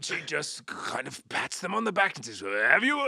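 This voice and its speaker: High, lively British man in improv chat. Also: moderate pace, creaky, slightly rough, no room sound, clean studio sound. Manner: playful, boastful, laughing often. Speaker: improv comedian playing an executive.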